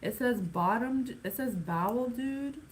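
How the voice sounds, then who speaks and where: A woman giving a casual psychic reading, thinking aloud with sighs and halting pauses. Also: on the high side, a little hiss or hum, rough recording. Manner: musing, sighing, thinking aloud; slow, halting, counts things off one by one. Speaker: psychic reader. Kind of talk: casual spirit reading to camera.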